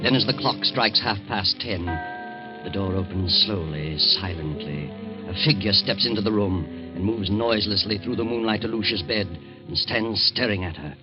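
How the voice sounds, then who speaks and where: A male narrator telling a suspense story in a measured, dramatic 1940s radio style. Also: on the low side. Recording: dull old radio recording with music.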